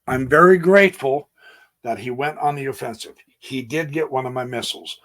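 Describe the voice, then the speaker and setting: A man hosting his chess channel who talks through a game on a board, thinking aloud in a folksy way with homey exclamations and swinging between quiet asides and emphatic bursts. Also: mid-range voice, moderate pace. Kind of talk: casual game walkthrough on a physical board.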